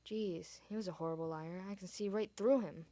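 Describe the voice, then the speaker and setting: A woman reading her fan fiction aloud, expressive, dropping in her own asides. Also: on the low side, brisk, no room sound. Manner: expressive, adds asides and swears in reaction. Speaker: reader.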